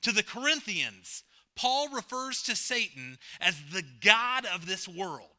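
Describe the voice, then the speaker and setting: A pastor preaches in a high, unhurried voice with big swings in pitch. He hammers home key phrases, drops from loud to hushed, jokes with the congregation and puts questions to them.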